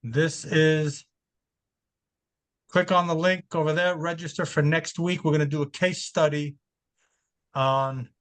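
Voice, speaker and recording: A man's voice: fairly high pitch, steady tone, measured pace, long pauses, fairly bright tone. Man hosting a casual webinar. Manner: loose, repeats words while talking. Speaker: webinar host. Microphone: video call.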